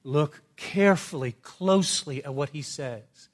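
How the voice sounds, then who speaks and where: A man from Canada preaching a sermon as pastor, with dramatic swings from a hushed, quiet delivery to loud, urgent emphasis. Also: mid-range voice, normal speed.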